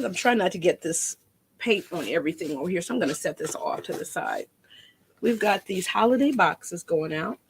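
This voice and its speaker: A woman's voice: mid-range voice, a little hiss or hum. A woman demonstrating a painting craft in a chatty, rambling way, often repeating her words.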